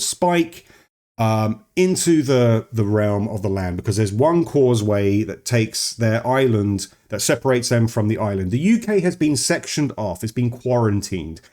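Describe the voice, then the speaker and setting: A man with a medium-pitched, darkish voice casually reviews a film. He rambles, digresses, and often cuts himself off mid-sentence.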